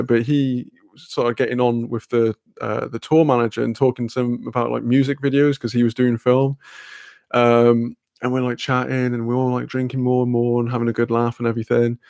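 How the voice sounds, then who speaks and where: A man's voice: medium pitch, level tone, normal speed, a little mellow, clean tone, no echo. A young man in his twenties, telling a rambling story on a casual stream, laughing and swearing as he acts out quotes.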